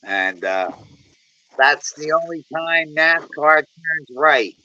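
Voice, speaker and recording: Bright-voiced, slow-talking American man. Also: a little high, animated, highs cut off. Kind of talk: casual chat.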